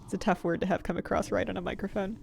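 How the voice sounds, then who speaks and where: A woman's voice: mid-range voice, fairly even intonation, rapid-fire, gravelly, darkish tone. A woman, chatting casually as a game streamer, thinking aloud and laughing often. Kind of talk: casual gameplay commentary.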